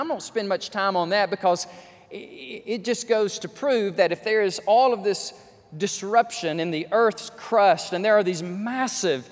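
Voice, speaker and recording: A man preaching an emphatic sermon full of rhetorical questions, in a large church hall. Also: sits high. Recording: long hall reverb.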